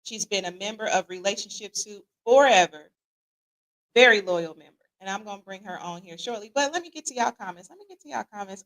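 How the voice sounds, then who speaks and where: A middle-aged woman, hosting a casual livestream and greeting viewers in a lively, slangy, playful way. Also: mid-range voice, fairly quick. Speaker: podcast host.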